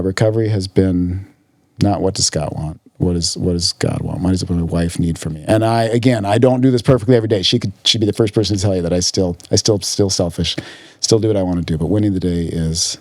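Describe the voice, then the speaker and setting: A man's voice: sits low, brisk, a little mellow, no room sound, studio quality. A man as a podcast guest, talking earnestly in casual conversation and often repeating words as he searches for them. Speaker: podcast guest, physician in recovery.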